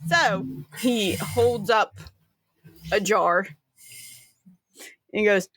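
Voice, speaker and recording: A woman's voice: mid-range voice, extremely slow, a bit bright, no room sound, clean studio sound. A woman running a tabletop game as game master, narrating casually and teasing her players with frequent laughs.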